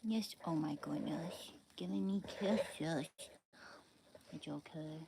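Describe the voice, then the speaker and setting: Low, slow-talking woman livestreaming at home. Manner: coos and whispers softly to her dog, then chats loosely with viewers. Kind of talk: casual livestream chat. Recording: clear steady background noise.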